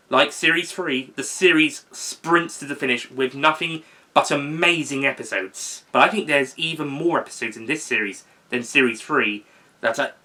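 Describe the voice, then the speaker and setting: A young man talking casually in an unscripted video, rambling, correcting himself and filling pauses with um. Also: medium pitch, sharp tone. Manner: rambling, with fillers and self-corrections. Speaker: video host ranking seasons.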